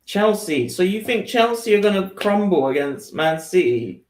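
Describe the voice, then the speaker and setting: A man's voice: high-pitched, sing-song, normal speed, a little hiss or hum. A man co-hosting a casual fantasy football podcast, musing aloud, laughing often and trailing off. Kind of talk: casual chat. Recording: echoey room.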